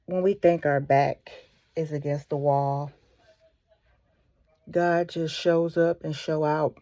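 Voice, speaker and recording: A woman's voice: sits low, fairly even intonation, takes it slowly, dark tone, no room sound. A woman speaking for a ministry, retelling a story casually with many fillers and restarts. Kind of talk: casual spoken devotional.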